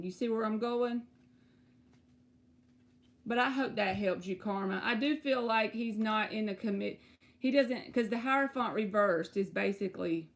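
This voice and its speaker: A woman, giving tarot readings on a live stream and chatting to her viewers in an animated, storytelling way. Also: medium pitch. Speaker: tarot reader.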